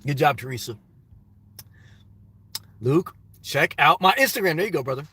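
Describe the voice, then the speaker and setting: A man's voice: fairly high pitch, sing-song, normal speed, pushed and bright, a little hiss or hum. A middle-aged man chatting casually on a live stream from his parked car, reading out viewers' messages and calling them brother.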